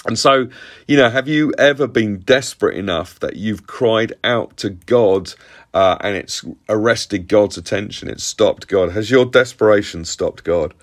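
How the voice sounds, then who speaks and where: A man's voice: fairly low pitch, unhurried. A man leading a devotional, reading a Bible passage aloud and then teaching on it in an earnest, conversational way. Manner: earnest and animated, with conversational asides. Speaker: pastor.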